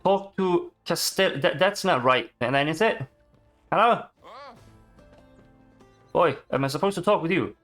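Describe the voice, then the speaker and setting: A man giving casual, excitable commentary while playing a video game, swearing and chatting to the animals he meets. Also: on the high side, unhurried, pauses often, faint music behind. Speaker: gaming streamer.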